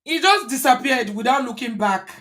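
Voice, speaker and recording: Woman host, higher voice, fired-up casual commentary full of rhetorical questions. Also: moderate pace. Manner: animated, indignant, rants with rhetorical questions.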